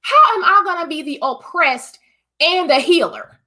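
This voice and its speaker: A high-pitched woman from the United States hosts her own vlog. She talks straight to her viewers in an emphatic, preachy way. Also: lively intonation, normal speed, bright, forceful tone. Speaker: vlog host. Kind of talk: casual opinion monologue.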